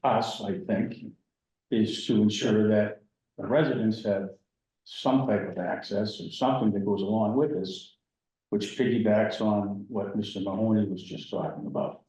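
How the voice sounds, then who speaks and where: A blunt man with a Boston accent speaks at a town committee meeting, pressing his points and repeating them. His mellow voice comes from well off the mic in a very echoey room. The recording sounds dull. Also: lowish voice, steady tone, moderate pace, far from the mic. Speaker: committee member.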